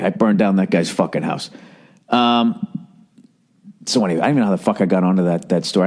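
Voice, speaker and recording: A man's voice: medium pitch, a little mellow. A man hosting a podcast, telling a comedic story in a profane, ranting, self-mocking way. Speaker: podcast host.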